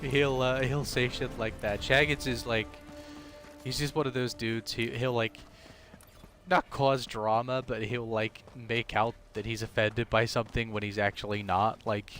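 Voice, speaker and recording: A man's voice: mid-range voice, flat delivery, measured pace, fairly bright tone, soft background music. A man streaming a game live, chatting casually with his viewers in a rambling way, full of fillers and restarts. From half British.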